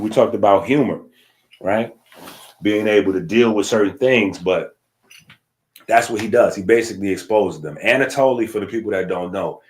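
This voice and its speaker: Delivering a relaxed lecture in a fairly low voice, a man explains his material conversationally and keeps tagging his points with "right?"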